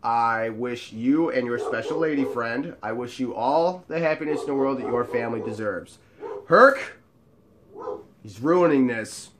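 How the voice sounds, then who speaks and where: A man hosting his own show, telling a casual, animated story with jokes and frequent swearing. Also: medium pitch, normal speed, hardly any pauses, noisy background. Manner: animated and joking, with frequent profanity. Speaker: show host telling bar stories.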